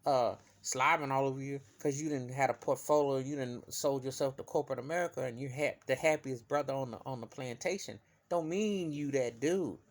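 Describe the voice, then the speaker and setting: A man vlogging an emphatic opinion rant, swinging from loud outbursts to low muttering. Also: brisk, hardly any pauses.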